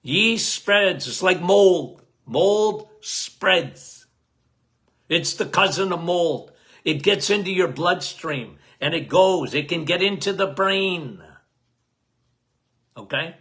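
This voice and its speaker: A loud, emphatic man hosts a casual health talk, his voice bright and forceful and pitched a bit high. He speaks slowly and drives his points home by repeating them. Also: lively intonation. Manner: loud, emphatic, cannot lower his volume; repeats key phrases, addresses listeners as guys. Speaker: health podcast host.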